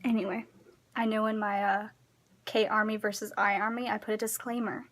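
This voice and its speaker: A woman's voice: mid-range voice, level tone, brisk, a bit bright. A woman ranting casually to her phone camera at home. She is emphatic and rambling, and drops to a near-whisper as she trails off. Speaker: vlogger.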